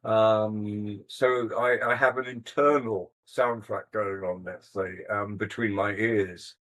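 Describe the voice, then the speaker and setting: A man's voice: lowish voice, fairly even intonation, takes it slowly, a bit bright, low-quality recording. An older man, a musician being interviewed, telling stories in a thoughtful, hesitant, self-deprecating way. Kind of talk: casual interview storytelling.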